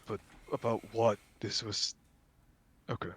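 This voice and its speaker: A man's voice: lowish voice, little pitch movement, unhurried, fairly bright tone. A man playing a tabletop game, stammering and restarting as he talks, slipping in and out of character. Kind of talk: casual play, partly in character.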